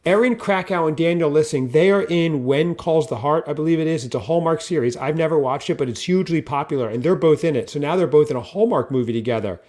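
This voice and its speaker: A talkative man co-hosts a casual podcast, speaking in a voice a little above the usual pitch. He chats freely and reads short blurbs aloud between his own remarks. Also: fast talker, few pauses, darkish tone. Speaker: podcast co-host. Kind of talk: casual chat.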